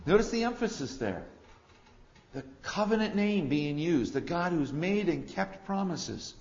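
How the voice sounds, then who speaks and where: Male preacher, fairly high voice, emphatic delivery with sudden soft asides; muffled lo-fi recording. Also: very animated, measured pace. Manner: emphatic, swings from loud declarations to quiet asides. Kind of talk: expository sermon.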